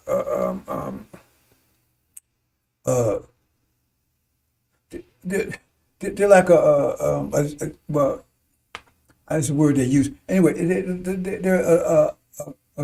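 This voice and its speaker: A man with a high voice preaches to his congregation in a loose, rambling commentary. He stumbles and repeats words, chuckles between points and keeps checking in with "see?", sometimes rising to emphatic declarations. His voice sits some distance from the microphone. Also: warm tone. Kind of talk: rambling sermon-style commentary.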